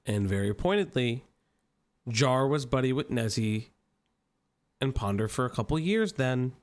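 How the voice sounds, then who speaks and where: A man's voice: mid-range voice, animated, measured pace. A man with an Italian American accent doing reaction commentary, profane and mocking. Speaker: commentary streamer.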